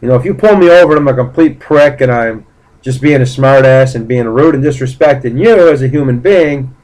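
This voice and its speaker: A man's voice: mid-range voice, a little fast, a little mellow, poor audio. A man casually recounting a personal story in a blunt, profane way, rambling with fillers and restarts. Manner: blunt, profane, indignant retelling. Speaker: vlogger.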